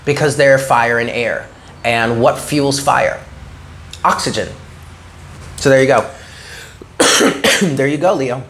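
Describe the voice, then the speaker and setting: A man's voice: medium pitch, slow, pauses often, a bit bright, slight background noise. A man giving a tarot reading, talking earnestly and encouragingly to the listener and often checking in with "okay?". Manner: frequent "okay?" check-ins. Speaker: tarot reader.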